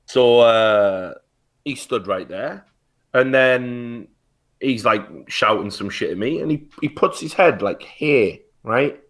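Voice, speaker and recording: A man's voice: medium pitch, fairly bright tone. A British man telling a heated story on a talk show, swearing often and restarting his sentences. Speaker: guest.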